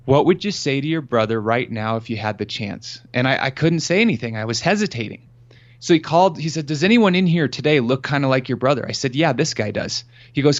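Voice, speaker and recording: A man from Colorado with a mid-range voice, speaking fairly quickly, appears as a podcast guest and earnestly tells a personal story in an interview. He's an animated storyteller who acts out the quoted dialogue. The audio has its highs cut off.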